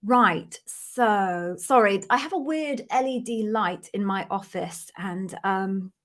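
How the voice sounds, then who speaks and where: A middle-aged British woman with a cold, formerly an Amazon interviewer, hosts a casual webcam live stream from a home office fitted with sound-absorbing panels. She greets viewers in an apologetic, chatty way, speaking slowly at medium pitch.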